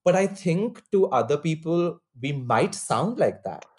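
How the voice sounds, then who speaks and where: A man's voice: a little high, expressive, measured pace, a little mellow. A young man raised in India, chatting casually in a frank, easygoing way. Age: young adult. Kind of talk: casual chat.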